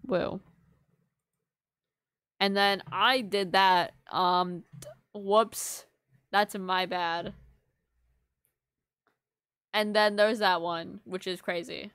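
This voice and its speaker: A woman's voice: medium pitch, fairly even intonation, extremely slow, pauses often, fairly bright tone, clear, resonant tone, dry recording. A woman streaming live, chatting casually with her viewers and teasing them in a playful, mock-offended way. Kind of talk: casual livestream chat with viewers.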